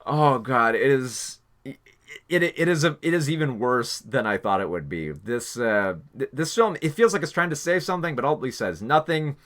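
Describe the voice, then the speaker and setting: A man reviewing a film in a casual spoken style, exasperated and halting with many restarts. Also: mid-range voice, lively intonation, fairly bright tone.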